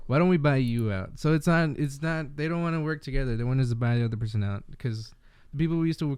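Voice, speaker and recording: A man co-hosting a podcast in casual chat, giving blunt, quick-fire opinions. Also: mid-range voice, dark tone, smooth, dry recording. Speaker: podcast co-host.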